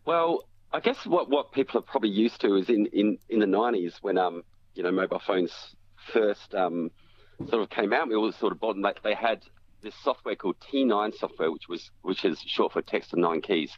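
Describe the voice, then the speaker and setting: On a radio show, a tech commentator with a fairly low, brisk voice explains phone technology step by step, often using fillers and restarting his sentences. The audio is dull and lo-fi, with a faint hiss.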